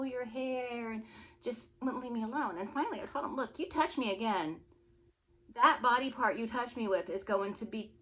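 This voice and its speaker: Woman vlogger, casual storytime, animated and chatty, laughs a lot. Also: fairly low pitch.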